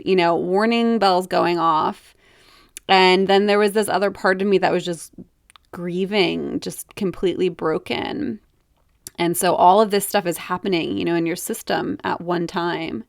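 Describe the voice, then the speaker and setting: A young adult woman hosting a podcast, talking candidly and reflectively about grief, with halting phrasing and frequent fillers. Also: fairly low pitch, fairly even intonation, creaky, no echo, studio quality. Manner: reflective, halting, many "like" and "you know". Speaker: podcast host. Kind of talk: candid personal monologue.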